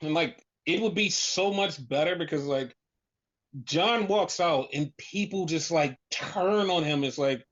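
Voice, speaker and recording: A man's voice: on the high side, unhurried, fairly bright tone. A man in casual chat, rambling with lots of "like", swearing, and acting out what others would say. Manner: rambling, profane, heavy on "like", acts out quotes. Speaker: podcast co-host. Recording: dull lo-fi recording.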